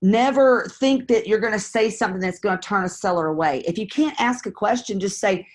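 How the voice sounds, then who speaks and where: A woman's voice: mid-range voice, a little fast, few pauses. A woman coaching real estate investors in a live stream, talking candidly and acting out sample phone calls. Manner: candid, conversational, acts out phone scripts.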